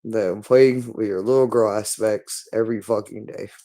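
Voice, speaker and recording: A man's voice: on the low side, steady tone, moderate pace, warm tone. A man speaking in a hostile, repetitive monologue, berating someone and swearing constantly. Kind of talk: angry monologue.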